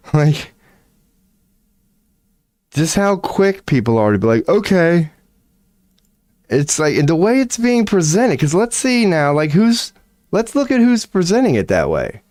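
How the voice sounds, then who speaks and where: A man's voice: a little high, wildly swooping pitch, measured pace, pauses often, a little mellow, no room sound, studio quality. A man streaming, giving casual ranting commentary, profane and incredulous, laughing often.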